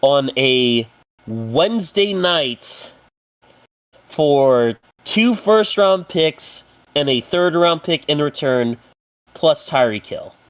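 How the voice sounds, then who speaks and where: A man's voice: a little high, expressive, slow pace, clean tone. A young man cohosting a casual sports podcast, joking and rambling with lots of fillers. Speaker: podcast co-host.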